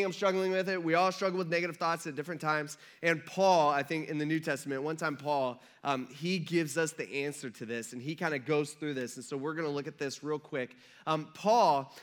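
A man's voice: high-pitched, fairly bright tone. A young man preaching a casual, conversational sermon who acts out the people he describes.

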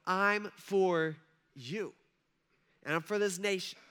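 A man's voice: high-pitched, slow pace, pushed and bright, clear, resonant tone, heavily acted. Laid-back ancient prophet, breezy and modern in tone, put on by a male preacher. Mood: earnest. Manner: breezy modern talk with "hey" and "all right". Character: relieved ancient male prophet, casual and chatty.

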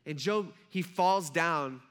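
A man's voice: on the high side, slow pace, a bit bright, clean tone. A man preaching a sermon, retelling a scripture story in a conversational way with rhetorical asides to the listeners. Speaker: pastor.

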